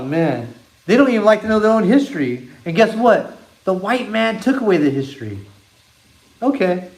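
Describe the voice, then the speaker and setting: A man with a fairly high voice that swings widely up and down as he rants. He talks bluntly and emphatically, swearing often and pressing his points hard as the host of his own channel. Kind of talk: profane opinion rant.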